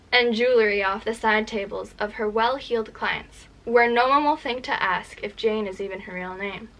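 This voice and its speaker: Young woman in her 20s, slightly high voice, casual book-vlog chatter, stumbles when reading aloud. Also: a bit bright, low-quality recording. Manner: chatty, self-deprecating, stumbles over words while reading aloud. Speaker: book vlogger.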